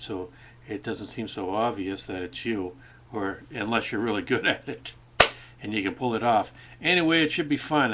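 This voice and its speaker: Casual male vlogger with a lowish voice, talking off the cuff into a webcam at a cafe, rambling and full of fillers. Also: a bit bright. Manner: rambling, with many fillers and restarts.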